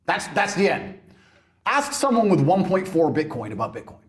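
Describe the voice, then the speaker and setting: A man's voice: high voice, very animated, moderate pace. A man ranting on a podcast in a brash, mocking and emphatic way. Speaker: podcast guest. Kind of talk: provocative podcast rant.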